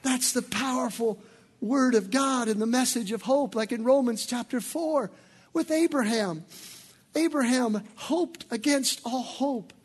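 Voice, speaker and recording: A male pastor preaches with a very high, husky voice. He swings from shouted, fervent lines down to quiet, chatty asides with his congregation. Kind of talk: sermon.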